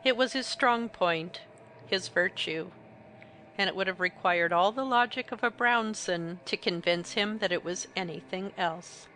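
A woman reading a classic story aloud as an audiobook narrator, in a clear, even way. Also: mid-range voice, unhurried, a little hiss or hum. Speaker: audiobook reader. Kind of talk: scripted narration.

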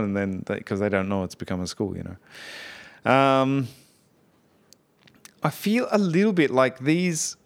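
A podcast host reviewing an episode in casual, rambling chat, full of fillers and self-corrections. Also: male voice, mid-range voice, clean tone.

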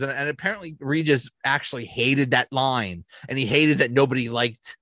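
A man's voice: medium pitch, moderate pace, hardly any pauses, bright, forceful tone, no room sound. A man hosting a podcast, recapping a favorite episode enthusiastically and rambling with restarts. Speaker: podcast host. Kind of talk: casual episode review.

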